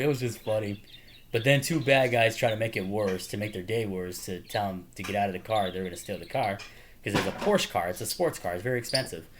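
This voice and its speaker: Excited movie fan rambling, birds behind. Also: male voice, on the low side. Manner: excited, rambling retelling of movie scenes with laughs. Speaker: movie fan showing his collection. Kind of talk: casual chat to camera. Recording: noisy home recording with birds chirping behind.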